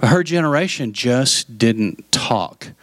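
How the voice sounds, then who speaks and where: A man's voice: mid-range voice, animated, slow pace, dry recording. Pastor, middle-aged man, candid storytelling sermon, dry close sound. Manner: candid storytelling, acts out quoted voices.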